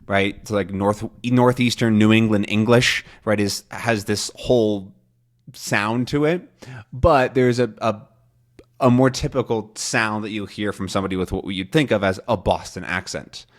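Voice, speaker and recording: A man hosting a podcast lesson for English learners, talking in a relaxed, loose way with many fillers and restarts. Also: on the low side, unhurried. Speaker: podcast host and English teacher. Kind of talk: casual spoken lesson.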